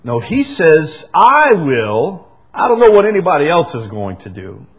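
A man preaching a sermon as pastor, emphatic, repeating key phrases and swinging between loud declarations and soft asides. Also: a little high, wildly swooping pitch, measured pace, breathy edge.

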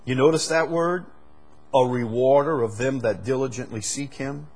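A male preacher with a slightly husky voice, pitched in the middle for a man. He presses his points by repeating them, dropping low and quiet, then climbing loud and high for emphasis. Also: normal speed. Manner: emphatic, repeats key phrases, swings from soft to loud. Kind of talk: sermon.

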